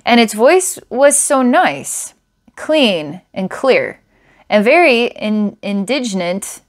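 A woman's voice: mid-range voice, sing-song, extremely slow. A young adult woman, a psychic reader, talking casually and thinking aloud as she gives an online reading. She is enthusiastic and laughs often.

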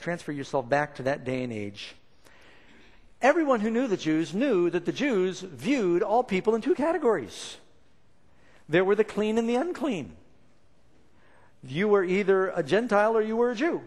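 Man, preacher, sermon, lively rising and falling voice, acts out quotes, long hall reverb. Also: sits high. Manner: expressive, acts out quoted lines.

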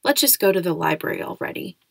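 A woman voicing a blunt, bored ten-year-old schoolboy in a storybook reading, speaking in a flat, offhand way. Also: fairly low pitch, fast, vocal fry, no echo, exaggerated voice.

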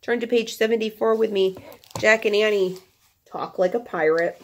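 A woman's voice: mid-range voice, moderate pace. A woman teacher reading a children's nonfiction book aloud to her class, breaking off for chatty, playful asides.

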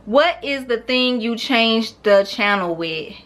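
A woman in her thirties with a St. Louis accent, chatting casually to camera in a relaxed, slangy way. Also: a little high, slow pace. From St. Louis, USA. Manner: relaxed, slangy, animated with laughs. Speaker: YouTuber. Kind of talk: casual vlog, talking to camera.

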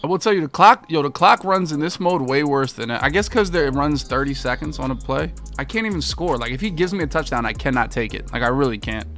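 A young man talks over his own football video game match, cursing freely and lurching between grumbled asides and loud exasperated outbursts. His voice sits a little high and sounds bright and sharp. Faint game music plays behind him. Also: lively intonation, fast, few pauses. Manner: swears often, swings from low muttering to loud exasperated outbursts. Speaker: gaming video creator. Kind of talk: live gameplay commentary.

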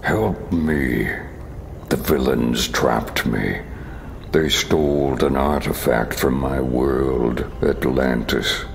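Merman in a game, super low rumbly voice, slow and begging. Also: heavily acted. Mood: pleading. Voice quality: deep gravelly. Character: trapped male merman from Atlantis, pleading. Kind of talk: video game voice acting.

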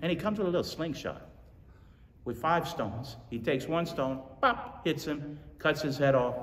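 A male pastor preaching a sermon, telling stories with animated energy and repeating lines for emphasis. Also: fairly high pitch, moderate pace, slight background noise. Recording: echoey hall from far off.

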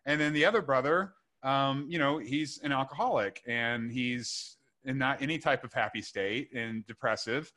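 A man's voice: mid-range voice, normal speed, few pauses, sharp tone. A male guest author in a casual podcast chat, rambling earnestly as he tells a story.

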